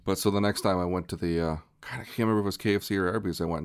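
A man co-hosting a podcast, telling quick offhand stories and swearing casually. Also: low-pitched, fairly even intonation, smooth. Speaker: podcast co-host. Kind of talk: casual comedic chat.

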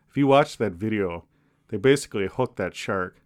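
A man co-hosting a podcast, cracking deadpan jokes in casual rambling chat. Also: lowish voice, moderate pace. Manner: deadpan jokey, rambling with restarts. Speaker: podcast co-host.

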